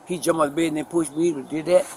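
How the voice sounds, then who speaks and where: A middle-aged man, speaking fast and agitated to police on bodycam. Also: on the high side, fairly even intonation. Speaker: father telling police his side. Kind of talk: bodycam conversation. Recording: bodycam audio with clear noise.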